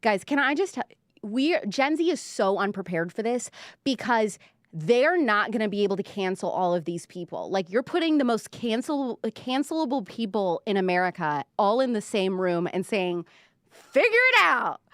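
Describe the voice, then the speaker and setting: A young woman hosts a pop-culture livestream, gossiping in a loose, chatty way and leaning on "like" as she goes. Her medium-pitched voice sits close and dry to the mic, with no room sound. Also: animated, moderate pace, no room sound. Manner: chatty, gossipy, heavy use of "like", reads viewer comments aloud. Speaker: livestream show host.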